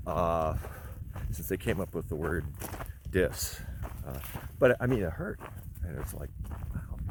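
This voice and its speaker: A man hiking outdoors and talking into his camera, rambling and reflective with lots of pauses and fillers. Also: lowish voice, vocal fry, background noise. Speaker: long-distance hiker vlogging. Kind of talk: casual spoken trail diary.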